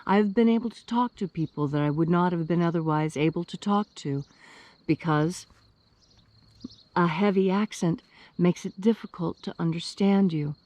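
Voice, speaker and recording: Mellow-voiced woman preaching earnestly. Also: on the low side, no room sound. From West Virginia. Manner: earnest, measured, deliberate diction. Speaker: minister. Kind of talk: spiritual sermon.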